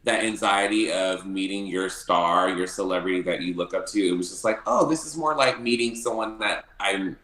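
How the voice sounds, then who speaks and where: A man telling stories as a podcast guest, animated, often laughing and acting out what people said. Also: low voice, moderate pace, hardly any pauses, reverberant, low-quality recording. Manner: animated, laughing often, acts out quoted lines. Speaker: podcast guest, drag performer. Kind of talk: casual storytelling interview.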